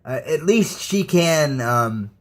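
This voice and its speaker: A man ranting casually to his viewers about wrestling, halting and stammering with many fillers. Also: fairly high pitch, animated. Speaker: YouTube ranter. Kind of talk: casual rant to camera.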